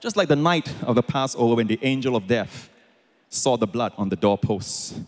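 A man preaching a sermon as pastor, swinging between quiet explanation and loud, shouted emphasis. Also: mid-range voice, expressive, moderate pace. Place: large church auditorium with congregation.

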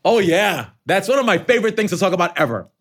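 A man, an author and educator, answering interview questions in a lively conversational way, acting out quoted lines. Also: high voice, fast. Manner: animated, conversational, acts out quotes.

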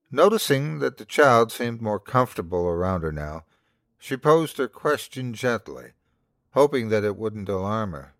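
A man hosting and narrating a scripted horror story in a measured, dramatic way. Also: lowish voice, very animated, fairly bright tone, dry recording. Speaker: host and narrator.

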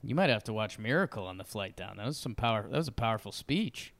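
A young man co-hosting a podcast in casual sports chat, relaxed and joking, often answering briefly. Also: lowish voice, fast, creaky. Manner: relaxed, joking, short replies. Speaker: podcast co-host.

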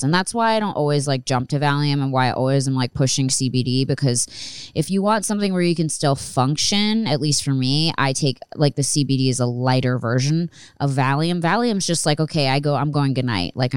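A woman's voice: rumbling low, clear, resonant tone, no room sound. A woman in her thirties telling a personal story in a candid, rambling way and swearing freely. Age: 30s. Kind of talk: casual storytelling monologue.

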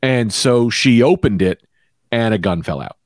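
A man's voice: medium pitch, animated, unhurried. A man co-hosting a casual chat over a remote call, telling rambling stories and swearing freely. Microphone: remote call mic.

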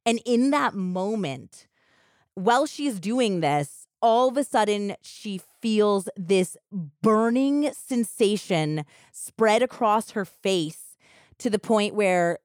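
A woman co-hosting a podcast, retelling a true crime story in animated, casual chat and filling it with "like" and quoted voices. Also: medium pitch, takes it slowly, dry recording, studio quality. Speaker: podcast co-host.

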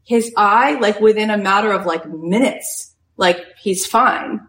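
A woman coach tells stories in an animated, conversational way, dropping "like" into nearly every phrase. Her voice sits at an ordinary middle pitch. The room around her rings with a noticeable echo. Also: measured pace. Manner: animated, frequent "like" fillers. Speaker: spiritual coach and host. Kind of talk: inspirational storytelling talk. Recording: roomy echo.

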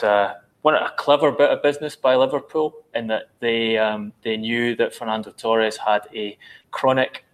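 A man who works as a football journalist, talking through transfer deals in a measured, analytical way with frequent ums. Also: lowish voice, a bit bright, poor audio. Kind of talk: podcast discussion.

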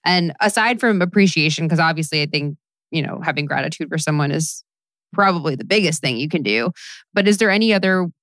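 A woman's voice: sits low, lively intonation, brisk, a bit bright, no room sound. A woman hosting an interview, asking questions in a casual, hesitant way with many fillers. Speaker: podcast host.

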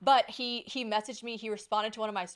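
A young woman, hosting a podcast and telling a story in rapid, giggly casual chat. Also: a little high, steady tone. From South Carolina. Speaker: podcast host.

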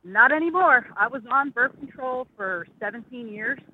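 A woman's voice: fairly high pitch, animated, moderate pace. A woman in her thirties calling in to ask a question, speaking hesitantly with many fillers. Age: 30s. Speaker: caller. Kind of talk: call-in question. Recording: tinny phone line with faint hiss.

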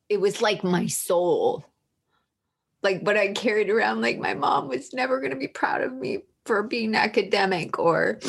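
A woman author in a candid podcast chat, her voice sitting somewhat low for a woman. She speaks openly and reflectively, feeling her way through long, looping sentences. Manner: open, self-reflective, talks in loose run-on phrases. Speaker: author being interviewed.

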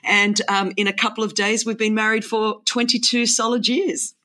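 A woman's voice: a little high, level tone, normal speed, pushed and bright. A woman in her forties from Sydney with an Australian accent, speaking as an enthusiastic, playful interview guest. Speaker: guest author. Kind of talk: casual podcast interview.

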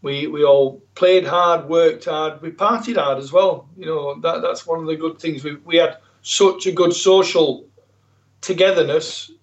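A former footballer with a South Yorkshire accent chats good-humouredly in a casual interview, often repeating words. His voice is fairly high and unhurried, and the sound is lo-fi.

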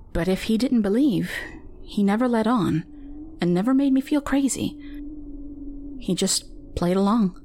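A woman telling a first-person horror story in a measured, intimate storytelling manner. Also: lowish voice, a little mellow. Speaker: narrator. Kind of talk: scripted horror story narration.

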